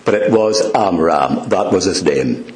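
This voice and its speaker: A man delivering a sermon at a slow, deliberate pace. His pitch swings widely as he leans on key words and stretches them out. The room around him rings with echo. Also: lively intonation, darkish tone. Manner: slow, emphatic, drawn-out words. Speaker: preacher. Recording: echoey room.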